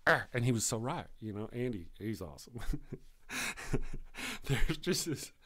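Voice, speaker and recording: A man's voice: medium pitch, sing-song, takes it slowly, slightly rough. A man hosting a live stream show, talking in a chatty, rambling way and often correcting himself.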